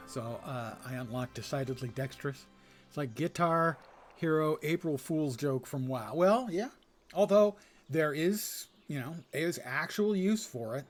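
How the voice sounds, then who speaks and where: Brief: wry male streamer narrating his gameplay live, slightly raised pitch, clear music underneath. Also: lively intonation, measured pace. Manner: wry, joking, thinking aloud. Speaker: game streamer.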